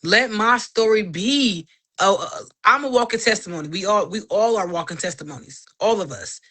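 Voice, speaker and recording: Bright-voiced woman telling a lively story. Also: mid-range voice, normal speed. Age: 30s. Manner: animated, acts out quoted voices, religious. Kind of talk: casual testimony storytelling.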